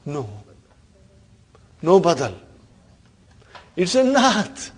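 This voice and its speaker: A man's voice: sits high, big pitch swings, drawn-out words, slightly rough. A man teaching an Arabic grammar class, quizzing his students and checking in with a "huh?" between points. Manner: questioning students, frequent "huh?" and laughs.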